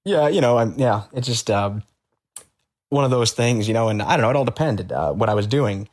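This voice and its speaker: A man as an interview guest, telling stories in a halting, matter-of-fact way with many fillers. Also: mid-range voice, lively intonation. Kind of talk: conversational storytelling.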